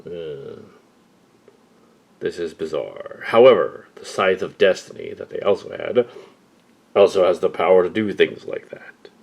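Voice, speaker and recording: Deep, gravelly man muttering deadpan. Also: measured pace, pauses often. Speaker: fan-film voice actor. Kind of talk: improvised fan-film voice acting.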